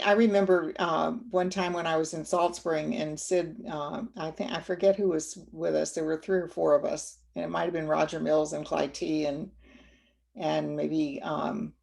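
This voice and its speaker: A woman speaks in a gentle, unhurried way, recalling events as a webinar guest. Her voice sits low and has a gravelly fry. She circles back with fillers and restarts. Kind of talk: reflective storytelling in a webinar.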